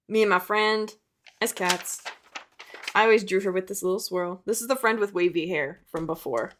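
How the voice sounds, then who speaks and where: Chatty self-mocking young woman with fry. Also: mid-range voice, fairly bright tone, slight background noise. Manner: chatty, self-mocking, laughs at her old drawings. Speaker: art vlogger. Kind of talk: casual sketchbook tour narration.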